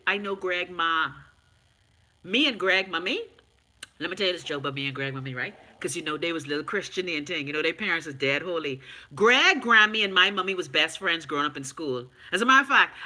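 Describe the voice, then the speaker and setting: A Bahamian woman hosting a casual live stream, frank and animated, swearing freely and answering viewer comments. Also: mid-range voice. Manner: loud, animated, talks back to viewer comments.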